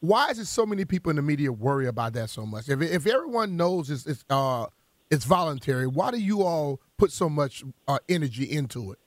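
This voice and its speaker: A man's voice: fairly high pitch, very animated, fairly quick, no room sound. A man co-hosting a sports talk show, blunt and teasing, pushing back with questions.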